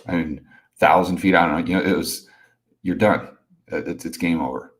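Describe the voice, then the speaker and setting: A man's voice: deep voice, normal speed. A middle-aged man telling a personal story on a casual live stream, rambling with many restarts and fillers.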